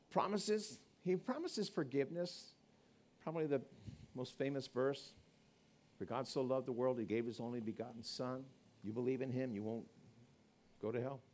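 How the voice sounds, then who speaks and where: A man preaching a conversational evangelistic sermon, swinging between loud emphasis and quiet asides. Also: fairly high pitch.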